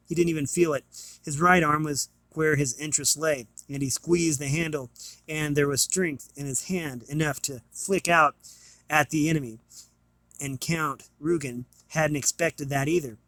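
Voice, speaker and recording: A man's voice: fairly high pitch, fairly bright tone, no room sound. A man reading a novel aloud, plainly, with small stumbles and restarts. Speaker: reader.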